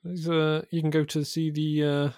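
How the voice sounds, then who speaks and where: A man's voice: fairly high pitch, little pitch movement, normal speed, darkish tone, smooth, no echo. Dry, rambling man. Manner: rambling, hesitant, dry understatement. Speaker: podcast co-host. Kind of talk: casual chat.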